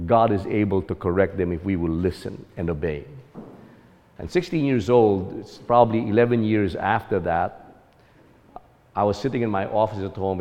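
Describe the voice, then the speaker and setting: A man's voice: lowish voice, darkish tone, in a large hall, highs cut off. A man telling a personal story about fatherhood as an earnest testimony.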